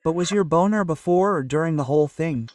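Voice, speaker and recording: A man doing a stand-up routine, telling a story and bantering with the crowd in a loud, animated way. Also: a little high, brisk, recorded from a distance. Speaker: stand-up comedian. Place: comedy stage before a live audience.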